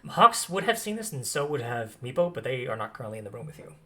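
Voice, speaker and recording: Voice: mid-range voice, sing-song, quick pace, fairly bright tone. Patient tabletop game master. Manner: descriptive, patient, explains rules.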